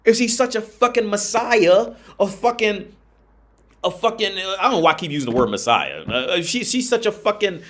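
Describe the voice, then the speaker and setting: A man with a high-pitched voice holds forth on his livestream. He rants emphatically, swears freely and hammers the same phrases again and again. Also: animated, moderate pace, a bit bright. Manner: emphatic, profane, repeats phrases. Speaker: livestream host. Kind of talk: ranting livestream monologue.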